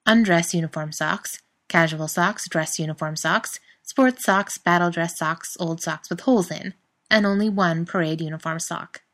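A sleepy middle-aged lord regent, coaxing and a little irritated, talking low, as a woman reading a story puts him on. The voice sits fairly low and stays unhurried. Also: a bit bright, lightly acted. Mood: matter-of-fact.

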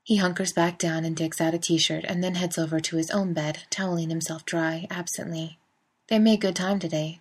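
A woman narrating a fan fiction story in a wry, conversational way. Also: lowish voice. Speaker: reader. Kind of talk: fan fiction audiobook reading.

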